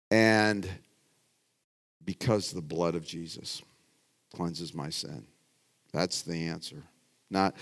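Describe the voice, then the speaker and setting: A middle-aged pastor with a deep, expressive voice speaks slowly through a casual, conversational sermon. He's folksy and rambling, restarting sentences and moving from loud emphasis to quiet asides.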